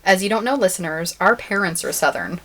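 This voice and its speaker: A woman's voice: medium pitch, lively intonation, brisk, fairly bright tone. Chatty woman podcast co-host. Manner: chatty, laughs often, reads facts she looked up. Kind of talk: casual chat.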